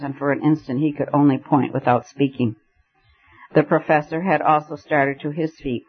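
A man narrating a novel in measured storytelling. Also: a little high. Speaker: audiobook narrator. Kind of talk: scripted narration. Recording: dull lo-fi recording.

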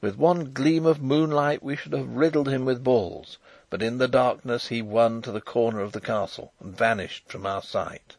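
Brief: male audiobook narrator, measured and expressive, close and dry. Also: mid-range voice, no echo. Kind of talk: scripted narration of a novel.

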